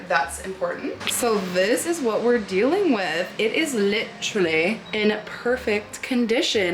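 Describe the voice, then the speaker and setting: A young woman in her twenties, vlogging casually from her home studio, bubbly and gushing with excitement. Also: medium pitch, slight background noise. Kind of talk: casual vlog chat. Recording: roomy echo, faint clicks.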